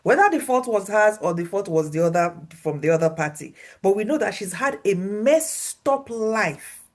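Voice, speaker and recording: Woman preaching, mid pitch, gets animated, swoops up and down and repeats herself for emphasis. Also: normal speed. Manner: animated, swings pitch widely when acting out voices. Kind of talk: sermon.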